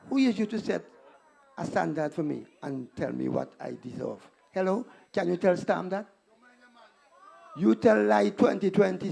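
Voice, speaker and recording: A man's voice: high-pitched, vocal fry, mellow. A man giving a scornful, taunting campaign rally speech. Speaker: political rally speaker.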